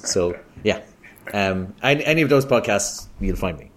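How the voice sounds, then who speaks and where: An Irish man chatting casually as a podcast guest, self-deprecating and quick to laugh. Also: on the low side, lively intonation, fairly bright tone.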